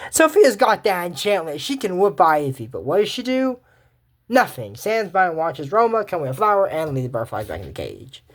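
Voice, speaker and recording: Woman, deep voice, casual joking commentary, rambling recap. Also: very animated, a little fast. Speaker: channel host recapping a cartoon episode.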